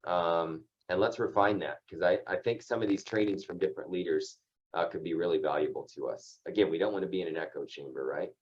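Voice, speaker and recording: A man with a low voice leads a casual team training call for an insurance agency, speaking a little fast over dull audio. He keeps things loose and conversational, often ending his points with "right?"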